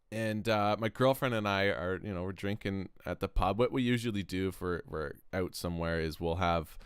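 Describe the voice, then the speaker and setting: Man, from Canada, vlog host, rambling, joking, smooth voice, dry room. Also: on the low side, fairly bright tone, no room sound. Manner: rambling, self-interrupting, joking. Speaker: music production channel host. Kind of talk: rambling casual vlog talk. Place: home studio.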